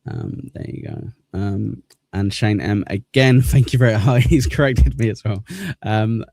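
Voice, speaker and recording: A man's voice: fairly low pitch, unhurried, vocal fry, a little mellow, dry recording. A man hosting a livestream, chatting casually as he thanks channel members, rambling and self-deprecating. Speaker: livestream host.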